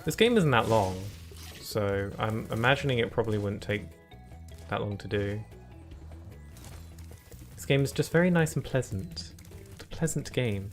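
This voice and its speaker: A man's voice: fairly low pitch, animated, moderate pace, pauses often, soft background music. A man streaming a video game live, chatting casually and rambling to his viewers as he plays. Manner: chatty and rambling, talks to chat between laughs.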